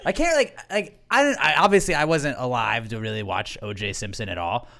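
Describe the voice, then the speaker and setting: A man's voice: mid-range voice, expressive, brisk, gravelly, sharp tone. A young man co-hosting a podcast, riffing with jokes and casual swearing. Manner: jokey, riffing banter with swearing. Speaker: podcast co-host. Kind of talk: casual chat.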